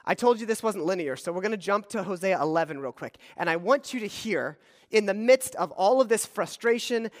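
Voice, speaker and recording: A man preaching a sermon, swinging between loud, emphatic scripture reading and quiet, low asides. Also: lively intonation, brisk. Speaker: pastor. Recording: long hall reverb.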